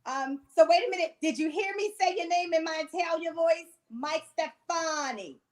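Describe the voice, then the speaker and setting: A high-pitched woman hosts a casual podcast interview. She gushes over her guest in an upbeat, excitable way. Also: fairly quick. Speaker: podcast host.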